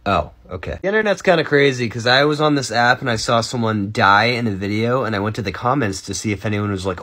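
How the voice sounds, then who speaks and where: A man in his twenties giving a casual comedic monologue, sarcastic and rambling, jumping between loud outbursts and muttered asides. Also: mid-range voice, expressive, fast talker, few pauses. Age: 20s. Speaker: comedy creator.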